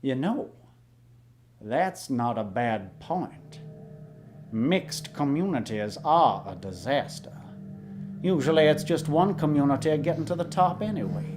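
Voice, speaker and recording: A man playing a pompous, bigoted old-fashioned gentleman in a comedy sketch, preaching in mock-archaic language. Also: mid-range voice, lightly acted. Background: music.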